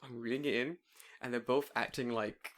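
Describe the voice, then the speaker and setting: A man's voice: mid-range voice, moderate pace. A man in his late twenties co-hosting a casual podcast, telling stories with lots of energy, swearing and laughing. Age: 20s. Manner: animated storytelling, swears freely, laughs often. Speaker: podcast co-host. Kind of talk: casual chat.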